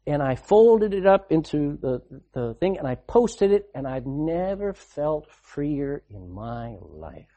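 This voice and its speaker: A man preaching a sermon, repeating phrases for emphasis and swinging between loud and hushed delivery. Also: on the high side, very animated, takes it slowly.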